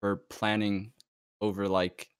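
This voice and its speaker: A man's voice: fairly low pitch, flat delivery, slow pace, clear, resonant tone, no room sound, studio quality. A man in a casual group podcast, upbeat and supportive of the others.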